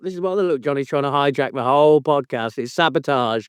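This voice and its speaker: A man's voice: medium pitch, quick pace, clean tone, no room sound, clean studio sound. A male podcast host in casual banter, teasing his co-host with mock outrage and frequent swearing.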